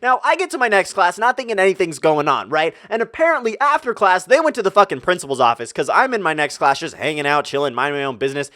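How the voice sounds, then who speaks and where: Young guy rattling off a sweary story over gameplay, fast and kinda high voiced. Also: a bit bright, no room sound, studio quality. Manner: fast, profane, rambling storytelling. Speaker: gaming channel host.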